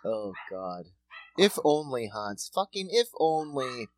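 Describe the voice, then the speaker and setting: A man's voice: mid-range voice, sing-song, slow, no echo. A man co-hosting a podcast, cracking jokes and swearing freely in casual chat. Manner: wisecracking, swears a lot. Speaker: podcast co-host.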